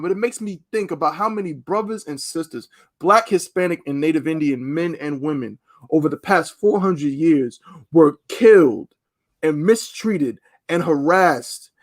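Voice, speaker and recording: A man co-hosting a casual talk show, telling a story with emphatic, animated delivery. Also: a little high. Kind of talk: casual podcast chat.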